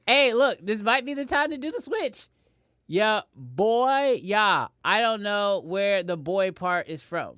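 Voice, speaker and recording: Guy chatting to his stream from his editing room, bright voice, dry sound, keeps repeating himself. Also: high-pitched, a little slow, no room sound. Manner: animated, talks straight to chat, repeats himself. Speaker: livestream host. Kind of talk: casual livestream chat.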